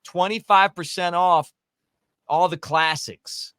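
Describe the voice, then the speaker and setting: A man's voice: high voice, steady tone, slow pace, fairly bright tone, clean tone, no room sound, clean studio sound. Rambling man hosting a show. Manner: rambling, folksy, many restarts. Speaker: podcast host. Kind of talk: casual sports talk show.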